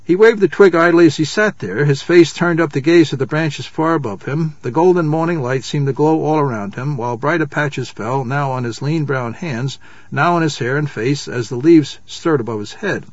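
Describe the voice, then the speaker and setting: A man reading a children's novel aloud at a measured pace, calling out the page numbers as he goes. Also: fairly high pitch, no room sound, muffled recording. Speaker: reader.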